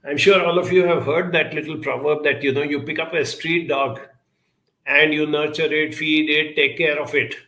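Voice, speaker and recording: Male speaker, gravelly, measured emphatic delivery, roomy echo. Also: on the high side, fairly even intonation, pushed and bright. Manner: measured, emphatic, frequent uh fillers. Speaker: speaker answering audience questions. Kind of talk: live talk on emotional intelligence.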